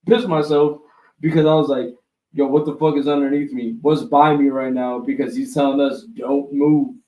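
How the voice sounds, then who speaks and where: A man co-hosting a live webshow, telling a long profane story in a loose, animated way. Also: fairly high pitch, reverberant, distant mic, poor audio. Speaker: co-host. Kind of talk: casual storytelling chat.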